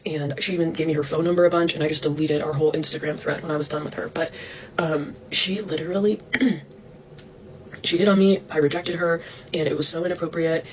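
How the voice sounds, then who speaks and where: A young woman ranting to her followers about online drama, indignant, fast-talking and swearing, mocking others in a higher voice. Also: fairly even intonation, slight background noise, rough recording.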